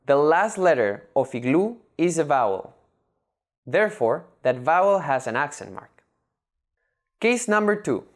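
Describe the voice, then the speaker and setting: A teacher reads a prepared lesson in a lively voice that rises and falls a lot. The delivery is measured and methodical, with words broken into separate syllables. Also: medium pitch. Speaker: language teacher. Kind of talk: scripted lesson narration.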